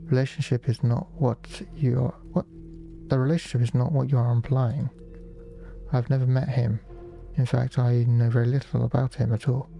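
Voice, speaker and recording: A man's voice: medium pitch, little pitch movement, normal speed, gravelly, dark tone, soft background music, lightly acted. A man voicing a prim Victorian young woman. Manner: polite, formal.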